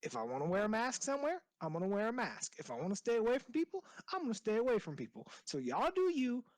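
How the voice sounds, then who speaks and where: A sarcastic podcast co-host with a very lively, swooping voice. The talk is casual and animated, recorded close and dry with no room sound. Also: medium pitch, fast, dry recording, rough recording. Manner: sarcastic, animated storytelling with mocking put-on quotes. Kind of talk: casual opinion chat.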